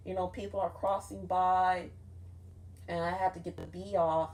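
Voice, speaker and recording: Young woman w/ lowish voice rambling thru a dream story, lots of "like", cussing casually. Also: little pitch movement, normal speed, darkish tone. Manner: rambling, profane, frequent "like" fillers. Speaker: vlogger recounting a dream.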